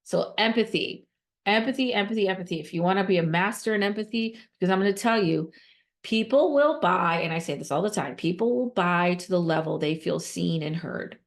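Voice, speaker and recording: A woman giving conversational podcast advice as a nonprofit fundraising consultant, emphatic and repetitive, with quick restarts and rhetorical questions. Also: fairly low pitch, animated, vocal fry.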